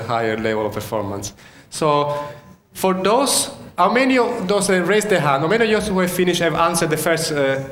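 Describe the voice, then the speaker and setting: A man's voice: a little high, a bit bright, a little hiss or hum. A man from Sicily with an Italian accent giving an interactive keynote lecture, quizzing the audience and often restarting his sentences. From Sicily, Italy. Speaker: university lecturer. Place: lecture hall. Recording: echoey lecture hall.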